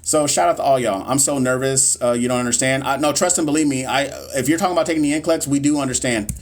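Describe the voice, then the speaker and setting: A man's voice: medium pitch, fast talker. Young guy doing a phone livestream, reads out test questions, talks straight to chat, swears a bit, medium voice. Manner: casual, blunt, encouraging, uses slang and swearing; reads quiz questions aloud, then chats with viewers. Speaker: nursing exam tutor. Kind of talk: live-streamed Q&A teaching.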